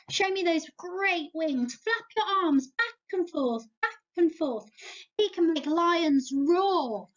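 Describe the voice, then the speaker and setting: A woman's voice: high voice, lo-fi sound. A woman with an English accent leading a Bible lesson for young children, playful and encouraging, asking them to join in. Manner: animated, slow and playful, speaking to young children. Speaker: children's church leader. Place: church setting, home video.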